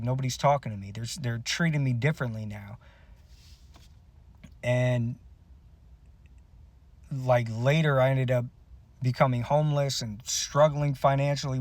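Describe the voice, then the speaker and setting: A man's voice: medium pitch, darkish tone, dry recording. A man and musician telling a personal story to camera in a blunt, bitter, profane way. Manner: bitter, aggrieved retelling.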